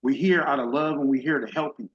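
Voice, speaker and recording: A man's voice: medium pitch, steady tone, quick pace. A middle-aged man speaking at a summit, giving a heartfelt personal testimony in an emotional, faith-driven, casual and direct way. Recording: dull lo-fi audio.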